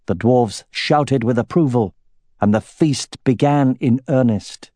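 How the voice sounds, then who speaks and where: A man reading a fantasy novel aloud as the narrator, with a steady, even storytelling delivery. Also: mid-range voice, slow, no echo, clean studio sound. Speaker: audiobook narrator.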